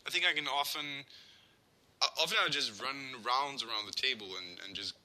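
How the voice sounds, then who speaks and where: A man chatting casually about running tabletop games, halting with many fillers and restarts. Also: mid-range voice, expressive, pushed and bright, rough recording. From Norway. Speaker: podcast co-host, game master. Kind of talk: casual chat.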